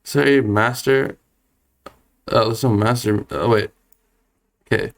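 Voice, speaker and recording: Male streamer, twenties, casual live chat, nervous and self-deprecating, stammers, laughs a lot, mid pitch. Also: steady tone, takes it slowly, vocal fry.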